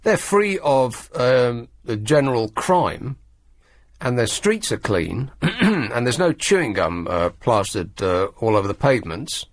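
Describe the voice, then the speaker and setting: A man's voice: mid-range voice, very animated, measured pace, no echo. A man hosting a talk radio show, grumbling and mocking in a sardonic monologue from a studio mic. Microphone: studio microphone.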